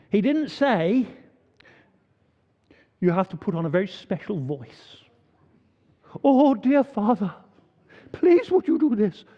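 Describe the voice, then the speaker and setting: A man leading an all-age church service, chatty and full of questions for the children. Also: sits high. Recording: dull, echoey church hall recording.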